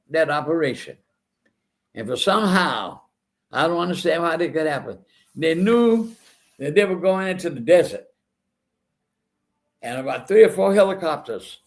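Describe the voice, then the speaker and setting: Feeling a little unwell and saying so, an older man hosting a talk show tells stories in a casual, earnest monologue that rambles and keeps repeating words. He speaks with a gravelly, fairly high-pitched voice.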